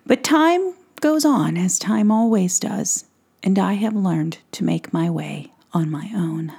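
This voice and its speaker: A woman voicing a kind, courteous widowed woodsman in a soft whispered role-play. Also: medium pitch, lively intonation, slow pace, gravelly, husky, exaggerated voice. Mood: tender. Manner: gentle, courteous, earnest. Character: kind widowed woodsman, gentle middle-aged man.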